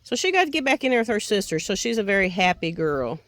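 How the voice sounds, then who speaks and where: A woman's voice: medium pitch, sing-song, quick pace, a bit bright, dry recording, low-quality recording. A tired woman chatting casually to her vlog audience outdoors by the animal pens in a folksy way. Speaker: homestead vlogger. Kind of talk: casual chat to camera.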